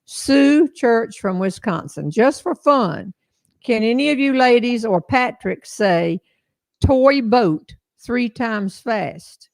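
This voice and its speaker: A woman hosting a casual live chat show, chatty and quick to laugh as she reads out viewer questions. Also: on the high side, expressive, no echo. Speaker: host.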